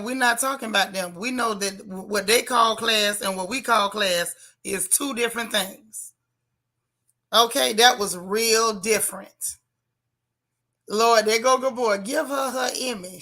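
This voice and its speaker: A bright, forceful woman talks straight into her webcam on a casual livestream. She is blunt and sassy, and she reads viewer comments aloud as she goes. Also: mid-range voice, measured pace. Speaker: livestream host. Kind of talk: casual live chat reacting to a TV show.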